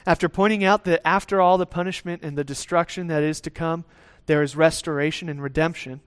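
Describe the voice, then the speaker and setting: A man delivers a sermon in a relaxed, conversational manner and voices small imagined dialogues. His voice sits fairly high for a man. He often tosses in quick checks with the listeners. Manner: conversational preaching, acts out God's lines; tag questions, some restarts. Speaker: pastor.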